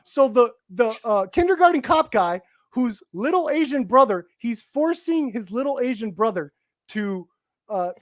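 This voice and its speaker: A man co-hosting a casual podcast, recapping a movie in a rambling, halting way with many restarts. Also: extremely high pitch, lively intonation, dry recording. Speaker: co-host reviewing a movie.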